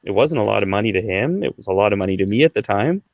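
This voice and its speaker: Animated and rapid-fire, with vocal fry in his lowish voice, a Canadian podcast guest in his thirties chats casually through a personal story, sprinkling in "right?" and "like." The sound is lo-fi with no echo.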